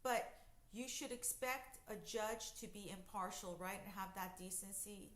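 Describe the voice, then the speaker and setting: A woman's voice: mid-range voice, measured pace. A woman telling her own story in a casual storytime vlog, conversational with many fillers and emphatic bursts. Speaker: vlogger recounting jail experiences. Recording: echoey room.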